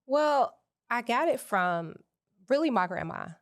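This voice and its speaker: A woman's voice: on the high side, expressive, a little slow, no room sound. Woman author guest, earnest, lots of um and like, dry sound. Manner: earnest, hesitant with fillers. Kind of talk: casual interview chat.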